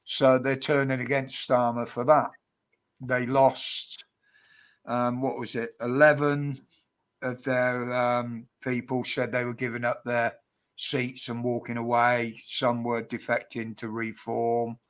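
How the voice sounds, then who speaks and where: A man's voice: medium pitch, level tone, slow, fairly bright tone, smooth. A man hosting a casual livestream chat, rambling, laughing and cheeky. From United Kingdom. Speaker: livestream host.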